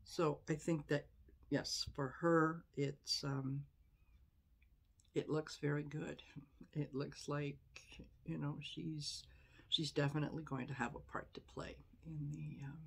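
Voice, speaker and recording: A woman's voice: low voice, flat delivery, slow, gravelly, breathy edge. A woman tarot reader giving casual, conversational commentary, with exasperated asides and frequent laughter.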